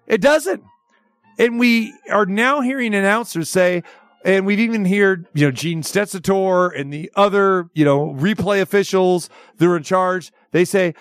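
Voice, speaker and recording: A man's voice: sits high, unhurried, no echo, studio quality. A man hosting a sports talk segment, ranting with incredulous rhetorical questions. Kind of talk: opinion rant segment.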